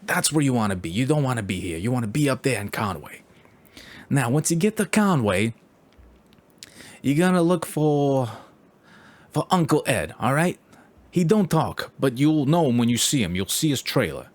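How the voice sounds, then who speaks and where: A pushy middle-aged New Yorker, as a man puts him on, talking louder and higher than the man's own voice. He is brash and insistent, leaning in and repeating himself. The voice stays gruff in manner and never lets up. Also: big pitch swings, moderate pace, long pauses, close to an everyday voice. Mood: conspiratorial.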